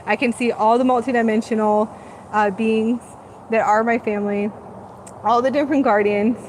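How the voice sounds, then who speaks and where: A woman's voice: fairly high pitch, steady tone, moderate pace, darkish tone, slight background noise, low-quality recording. A woman hosting a live spiritual channeling talk, speaking in a dreamy, rambling, gushing way.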